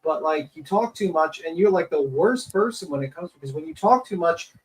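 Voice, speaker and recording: A man's voice: a little high, animated, a little fast, far from the mic, rough recording. A man on a livestream panel giving blunt, exasperated commentary. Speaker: panel guest.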